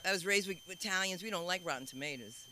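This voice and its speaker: A woman's voice: fairly low pitch, fast talker, pushed and bright, slight background noise, rough recording. A woman hosting a stand-up comedy show, rambling through her own stories and introductions. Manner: rambling, self-interrupting storytelling. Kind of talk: stand-up emcee banter.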